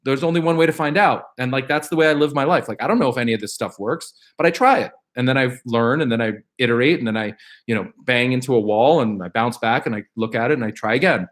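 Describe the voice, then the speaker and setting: A man's voice: medium pitch, quick pace. A middle-aged man hosting a live question-and-answer stream, chatting casually and with rambling energy, reading out viewer questions and answering them. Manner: animated, upbeat, rambling with fillers and restarts; reads viewer questions aloud.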